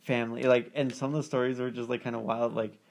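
A man's voice: medium pitch, little pitch movement, fast talker, darkish tone. A man in casual chat, rambling through a story with many fillers and acting out what callers said.

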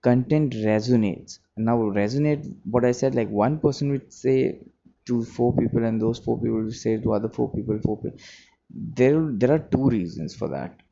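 A man's voice: medium pitch, moderate pace, creaky, warm tone. A man, a music producer, thinking aloud in a rambling, reflective daily monologue, sleepy and yawning. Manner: reflective, rambling, self-correcting. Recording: dull lo-fi recording, faint background hum.

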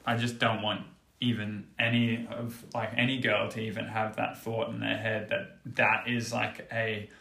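A man talking in casual chat, halting and filled with "like". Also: fairly low pitch, monotone, vocal fry, bright, forceful tone, reverberant.

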